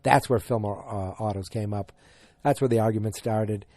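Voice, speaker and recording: Male podcast host, casual recap, halting and rambling delivery, dry close sound. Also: fairly low pitch, fairly even intonation, darkish tone, no room sound. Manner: rambling, halting, many fillers and restarts.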